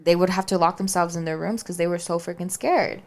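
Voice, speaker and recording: A woman's voice: lowish voice, steady tone, brisk. A woman podcast co-host casually telling a spooky story, chatty and always checking in with "right?" and "like.". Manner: chatty, keeps saying "right?" and "like".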